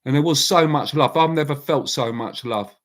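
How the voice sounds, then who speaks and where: A man's voice: a little high, normal speed. A man hosting a casual live chat, talking bluntly in a rambling way and answering viewers by name. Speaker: livestream host.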